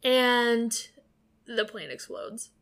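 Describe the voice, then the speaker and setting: Woman podcast co-host, higher register, rambling casual recapper, curses freely. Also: expressive, very slow, a bit bright, smooth. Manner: rambling, filler-heavy, swears freely. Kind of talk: casual movie recap chat.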